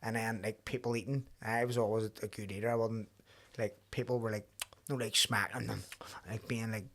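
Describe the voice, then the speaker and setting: A man's voice: on the low side, little pitch movement, fairly bright tone. A young man, hosting a casual podcast chat and telling stories, swearing freely and quoting himself. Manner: rapid, swearing, storytelling with quoted asides. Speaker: podcast host, professional boxer.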